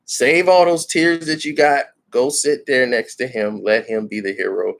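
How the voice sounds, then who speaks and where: A man hosting a live stream, telling a comic story in an animated way and giving every character a voice of his own. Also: medium pitch, moderate pace, creaky.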